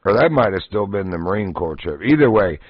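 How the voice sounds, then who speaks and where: A man's voice: low-pitched, big pitch swings, fairly quick, slightly rough, dry recording. Folksy man telling stories. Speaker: livestream host. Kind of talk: casual storytelling. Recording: dull, dry lo-fi stream audio.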